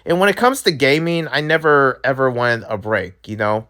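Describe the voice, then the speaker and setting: A young man who makes gaming videos, talking straight to his viewers in a casual, excitable rant. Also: mid-range voice, moderate pace. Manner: animated, excitable, talks to viewers directly. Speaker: gaming YouTuber.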